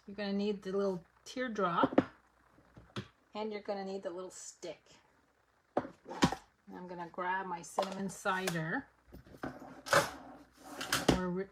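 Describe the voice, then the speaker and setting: A woman teaches papercraft in a live demo, chatting to viewers and guiding them through each step as she crafts. Her voice sits at medium pitch, and the recording is very noisy.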